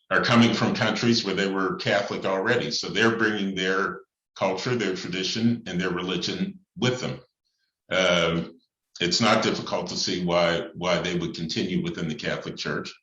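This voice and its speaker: A priest speaking in a thoughtful, measured way, pausing often with fillers as he lays out his points. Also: low-pitched, fairly even intonation, a bit bright. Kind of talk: reflective talk on church and society. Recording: echoey room, slightly dull sound.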